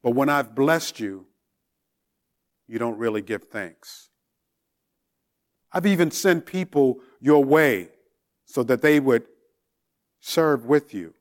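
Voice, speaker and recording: A man voicing the Lord as a gentle male deity who asks patient, searching questions. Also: medium pitch, animated, slow pace, long pauses, voice pushed up. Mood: reproachful.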